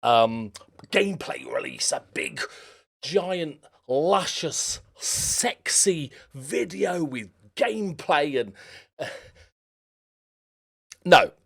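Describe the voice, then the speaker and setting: Chatty male YouTuber, raised pitch, reads an article aloud and breaks in with jokes. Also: sing-song, extremely slow, gravelly, pauses often, a bit bright, slightly rough. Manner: chatty, breaks off to joke and laugh between read passages. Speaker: gaming YouTuber. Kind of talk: reaction commentary reading an article aloud.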